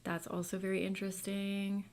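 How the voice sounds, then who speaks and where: A woman's voice: mid-range voice, flat delivery, normal speed, a little mellow, a little hiss or hum. A woman hosting a book club livestream, chatting casually and reading viewer comments aloud with lots of fillers.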